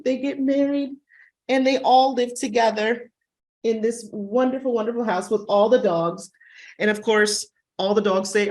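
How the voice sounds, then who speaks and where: On a webinar video call, a woman librarian gives a chatty, enthusiastic booktalk, even acting out dog sounds. Her voice is a little high and her pace is normal.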